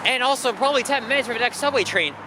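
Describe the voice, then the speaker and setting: A man with a notably high-pitched voice chats loosely as he walks outdoors, trailing into fillers and restarting his sentences. He talks into a handheld camera mic on a busy street. Steady traffic and passing buses rumble loudly behind him. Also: rapid-fire. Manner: rambling, animated, frequent fillers and restarts. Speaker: walking vlogger. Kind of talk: casual walking commentary. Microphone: handheld camera mic while walking.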